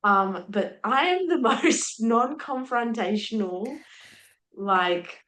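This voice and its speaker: A young adult woman appears as a podcast guest, animatedly retelling a personal story with laughs and acting out people's words in quoted speech. Her fairly high voice moves slowly, and the candid, conversational storytelling carries a roomy echo.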